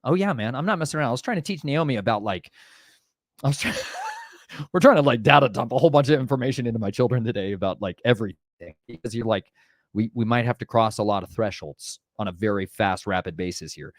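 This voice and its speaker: A man with a Southern American accent telling a storm story in casual chat, lively and acting out dialogue, with a preachy streak. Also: on the low side, fast talker, no echo, studio quality. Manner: animated, acts out his own and others' voices in retold dialogue; preachy, mixes religious exhortation into talk. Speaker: vlogger sharing storm preparedness experiences.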